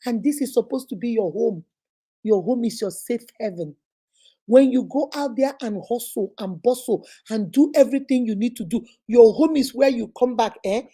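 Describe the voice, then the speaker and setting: A woman's voice: a little high, warm tone, slightly rough. A middle-aged woman hosting a live relationship advice talk, emphatic and preachy, acting out little scenes as she speaks to viewers.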